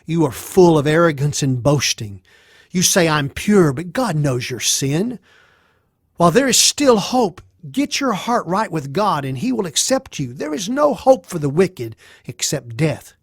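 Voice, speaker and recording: A man's voice: on the high side, big pitch swings, a little slow, breathy edge, dry recording, clean studio sound, exaggerated voice. A man voicing a blunt friend who condemns and warns. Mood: condemning. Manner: condemning, curt.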